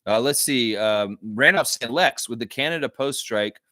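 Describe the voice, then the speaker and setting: A man in the middle of his range hosts a casual sports livestream, reacting to viewer comments in an animated way. His voice is dry and close, with little room sound. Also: medium pitch, normal speed, no echo. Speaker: livestream host.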